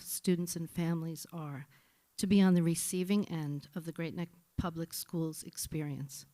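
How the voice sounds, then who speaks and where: A woman's voice: lowish voice, darkish tone. Nervous middle-aged woman giving a formal speech. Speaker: incoming acting assistant principal. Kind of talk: prepared speech at a school board meeting.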